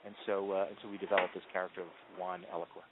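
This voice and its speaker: A man's voice: low-pitched, rapid-fire, slight background noise. Man telling stories down a phone line. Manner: animated storyteller, frequent ums and restarts. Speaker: marketing executive guest. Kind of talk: conversational interview answers. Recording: tinny phone-line audio.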